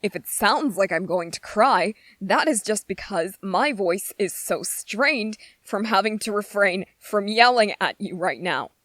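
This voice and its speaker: A woman's voice: mid-range voice, lively intonation, measured pace, hardly any pauses, a bit bright, no room sound. A woman voicing an irritable young male soldier trainee in a whispered role-play, speaking with biting sarcasm and strained patience.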